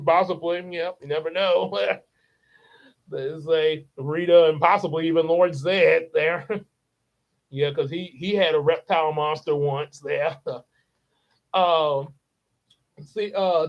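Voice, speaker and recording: A man rambles through a casual story for his channel, laughing often and stopping to act out the characters. His delivery is loose and animated, full of fillers and restarts. The recording is muffled and lo-fi. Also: a little high. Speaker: channel host.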